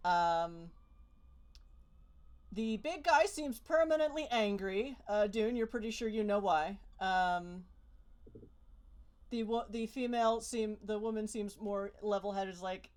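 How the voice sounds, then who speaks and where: A woman's voice: medium pitch, a little slow, pauses often, darkish tone. A woman narrating as game master of a tabletop role-playing game, rambling with many fillers and restarts.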